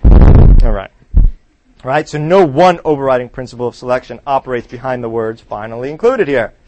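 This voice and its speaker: A man's voice: mid-range voice, expressive, brisk, heavy background noise. Chatty male teacher quizzing a class. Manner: conversational, quizzes the class, keeps asking "right?". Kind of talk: classroom lecture.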